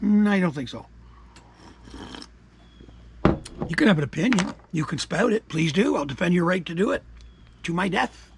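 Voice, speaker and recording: An older man from Canada ranting his opinions in a combative, profane way, dropping to mutters and rising to shouts. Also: high voice, expressive, moderate pace, long pauses, a little hiss or hum. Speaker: commentary vlogger. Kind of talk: angry opinion rant.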